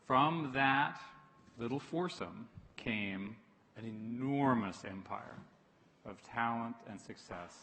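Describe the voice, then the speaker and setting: A man in an onstage conversation, speaking in a dry, teasing, measured way. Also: medium pitch, pushed and bright. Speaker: panel guest. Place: stage in a hall. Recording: reverberant hall.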